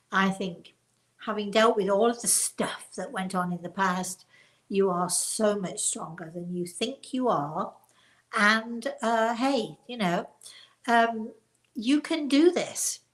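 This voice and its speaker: An older woman hosting a live show as a psychic medium, talking in a chatty, encouraging and self-deprecating way with a hoarse voice that is still recovering. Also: medium pitch, fairly bright tone, poor audio. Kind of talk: live online call-in talk.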